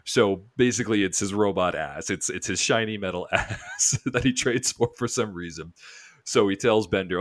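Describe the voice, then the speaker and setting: A man's voice: sits low, normal speed, no room sound. A man co-hosting a podcast, casually retelling a cartoon episode in a rambling way full of fillers. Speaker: podcast co-host.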